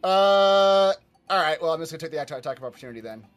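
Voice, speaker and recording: A man's voice: fairly high pitch, lively intonation, very fast, faint music behind. A man playing in a tabletop game, hesitant and thinking aloud as he picks his moves. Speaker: player.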